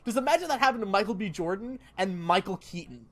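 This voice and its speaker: A young man co-hosting a podcast, excitable and laughing often, talking in a casual, slangy way. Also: high voice, fast talker. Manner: excitable, laughing, lots of "dude" and "like". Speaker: podcast co-host. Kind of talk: casual chat.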